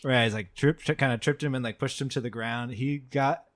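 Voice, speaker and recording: A man's voice: medium pitch, steady tone, a little fast, a crowd in the background. A man co-hosting a podcast, telling a story in wry, self-deprecating casual chat and laughing now and then. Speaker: podcast co-host.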